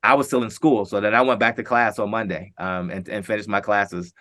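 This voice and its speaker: A middle-aged man recounts his story in an easygoing interview, his voice bright and forceful. He acts out the quotes as he goes, and the sound is dry and close. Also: fairly low pitch, fairly quick, no room sound. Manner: animated anecdote-telling, acting out quotes with laughs. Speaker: guest, former pro football player.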